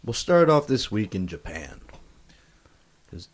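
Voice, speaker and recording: A man's voice: fairly low pitch, big pitch swings, slow, soft background music. A man hosting a podcast who runs the news segment, dry and teasing. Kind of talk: casual banter.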